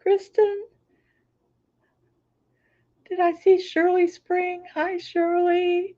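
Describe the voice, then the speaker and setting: A woman with a hoarse, recovering voice, chatting casually on a livestream and greeting her viewers by name. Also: very high voice, flat delivery, very slow, dark tone, dull audio. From Florida. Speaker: crafting channel host. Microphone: laptop microphone.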